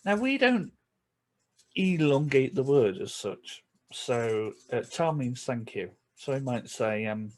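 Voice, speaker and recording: Yorkshire bloke vlogging, casual chatty tone, laughs between bits, normal mid voice. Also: male voice, mid-range voice, lively intonation. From England. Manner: chatty, chuckles between remarks, breaks into quick asides. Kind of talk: casual chat to camera.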